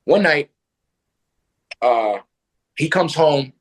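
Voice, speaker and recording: A man's voice: a little high, expressive, very slow, poor audio. A man telling a personal story as a podcast guest, blunt and profane.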